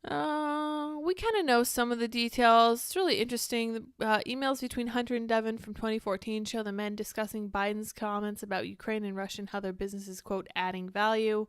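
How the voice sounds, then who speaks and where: A woman's voice: on the high side, fairly even intonation, clean tone, dry recording, studio quality. A woman hosting casual political commentary, reading news aloud with candid, sarcastic asides. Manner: candid, sarcastic, quick to react and digress.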